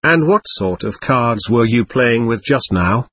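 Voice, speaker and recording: A husky-voiced man reading the lines of a rude, blunt innkeeper who accuses his guests. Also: medium pitch, expressive, measured pace, a bit bright.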